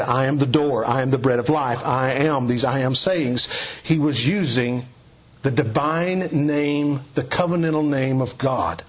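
A man preaching an expository sermon in a measured way, slowing down on key phrases for emphasis. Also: mid-range voice, husky, highs cut off.

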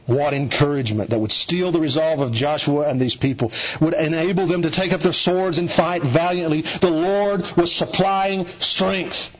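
A man preaching a sermon, emphatic, dropping low and hushed, then rising with urgency. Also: normal speed. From Eastern Kentucky. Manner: emphatic, swings between low hushed lines and raised urgent ones. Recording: dull lo-fi sound.

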